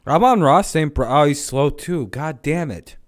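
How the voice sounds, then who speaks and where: A man's voice: a little high, animated, moderate pace. A man hosting a livestream, chatting casually about football in a rambling, joking way with plenty of swearing. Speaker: livestream host. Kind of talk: casual sports chat.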